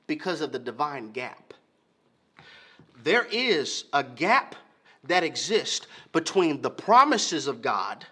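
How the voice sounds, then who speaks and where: A man delivers a sermon with a high, bright, cutting tone and a husky edge. His pitch swings widely as he presses his points, repeats key lines and calls out to the congregation. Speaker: pastor. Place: church.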